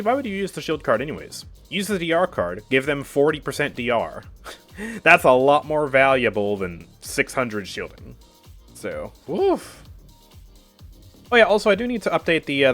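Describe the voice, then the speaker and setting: A man's voice: mid-range voice, big pitch swings, normal speed, fairly bright tone, faint music behind. A man streaming a game live, chatting casually with his viewers and laughing often as he comments.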